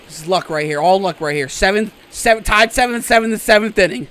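A young man giving loud, swearing play-by-play reactions to a baseball video game, swinging from groans to shouts. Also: high voice, fast talker, heavy background noise. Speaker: gaming YouTuber. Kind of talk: live gameplay reaction commentary.

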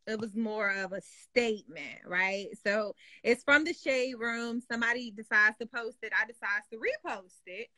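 A woman co-hosting, chatting casually with quick, relaxed affirmations. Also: a little high, no echo. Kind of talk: casual chat.

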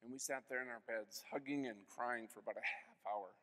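A man's voice: mid-range voice, a little fast, pushed and bright, in a large hall. A man in his forties giving an earnest personal testimony at a conference, acting out the voices of people in his story. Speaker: conference speaker. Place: conference hall.

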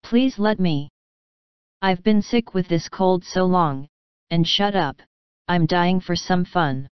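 A coaxing, spoiled little sister who pleads and whines to get her way, read by a woman. The voice sits low, very smooth and clear, dry and close, on slightly dull audio. The reading keeps a storybook feel. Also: takes it slowly, no echo. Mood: pleading. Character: whiny spoiled youngest sister, a young girl.

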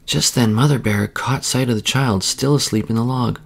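A man reading a children's bedtime story aloud in a slow, soothing, even way. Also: medium pitch, creaky, slightly rough.

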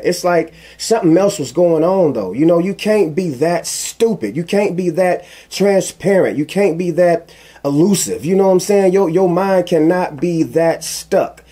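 A man giving casual commentary, telling a personal story in an animated, emphatic way that repeats phrases for emphasis. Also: a little high, moderate pace, slightly rough. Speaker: commentary vlogger.

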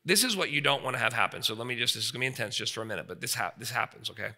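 A man's voice: mid-range voice, expressive, rapid-fire, sharp tone. A man in his forties preaching an emphatic sermon, often checking in with his listeners. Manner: emphatic, frequent rhetorical checks with the audience. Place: seminary chapel. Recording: reverberant hall.

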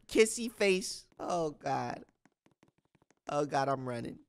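A young man commentating his gameplay, animated and slangy, reading chat lines aloud. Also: fairly high pitch, slow pace, creaky, faint music behind. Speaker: gaming YouTuber.

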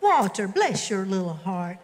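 A woman's voice: mid-range voice, very animated, unhurried. A woman playing a motherly, folksy diner woman in a church stage drama, doting on everyone. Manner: folksy, doting, calls people honey and darling. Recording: reverberant hall with faint music.

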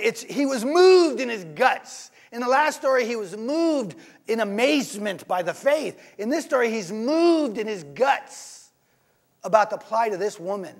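A man preaching a sermon in church, in a conversational, animated way, often asking his listeners rhetorical questions. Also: very high voice.

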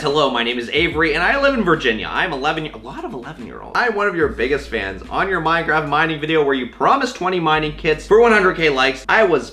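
Young guy reading fan letters, super animated, bright voice, jumps up into squeaky highs. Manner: animated and jokey, with sudden high squeals and mock-gruff asides. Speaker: YouTuber opening fan mail. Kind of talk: casual vlog chat, reading letters aloud.

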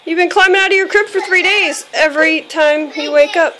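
A woman's voice: extremely high pitch, steady tone, fairly quick, sharp tone, a little hiss or hum. A mother filming her toddler at home in the bedroom, coaxing her in a sing-song voice and laughing often. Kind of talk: casual home video chat.

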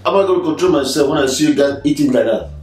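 A man's voice: fairly high pitch, racing, a little mellow, recorded from a distance, soft background music. A man speaking as the father in a family vlog, exasperated and stammering through repeated words. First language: an African language. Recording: echoey room, a little off-mic.

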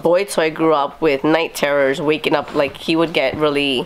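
A young woman vlogger telling a story in a casual, animated way, acting out the quotes. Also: sits low, normal speed, over a noisy crowd.

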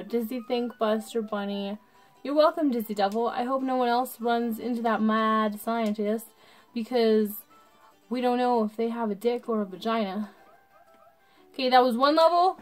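A drunk woman commentating her gameplay casually, swearing and breaking into excitable outbursts while talking to her viewers. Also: fairly high pitch. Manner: talks to the viewers. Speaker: gaming channel host.

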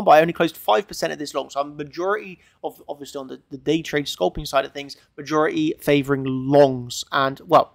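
Male trader-analyst, fairly high, gravelly voice, dry close sound; emphatic, repetitive chart walkthrough. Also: no room sound. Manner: emphatic and repetitive, tags lines with "okay?". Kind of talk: screen-share chart analysis.

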